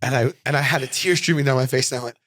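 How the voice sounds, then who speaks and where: A man in his forties, a comedian guest in an interview, telling stories in an animated, rambling way full of fillers and restarts. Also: medium pitch, racing, dry recording, clean studio sound. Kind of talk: casual interview storytelling. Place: studio.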